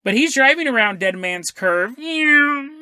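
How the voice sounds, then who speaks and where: A man hosts a podcast, telling a story with lots of jokes, laughs and tangents. His voice is bright and forward. The sound is close and dry. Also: very high-pitched, expressive, unhurried, clear, resonant tone, no room sound. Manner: jokey, laughs often, digresses. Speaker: podcast host. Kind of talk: comedic storytelling monologue.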